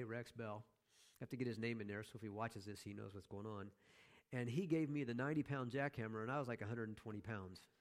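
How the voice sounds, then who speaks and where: A man preaching a sermon as pastor, conversational, with joking asides to the congregation. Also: mid-range voice.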